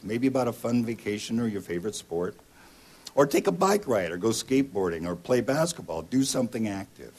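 A male pastor giving a sermon in a conversational way, often pausing with ums and uhs. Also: fairly low pitch, sing-song, a little mellow, breathy edge.

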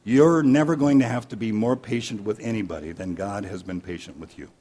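A man's voice: lowish voice, brisk, mellow, husky. Man preaching, folksy and anecdotal. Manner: folksy, anecdotal, with fillers and restarts. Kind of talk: sermon with humorous stories.

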